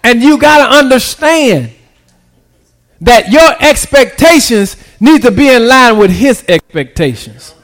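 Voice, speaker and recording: High-voiced guy preaching, calls out to the church, goes from quiet to loud. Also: big pitch swings, slow, pauses often. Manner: preaching with call-and-response, swinging from hushed to shouted; casual vernacular grammar. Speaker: pastor. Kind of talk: sermon.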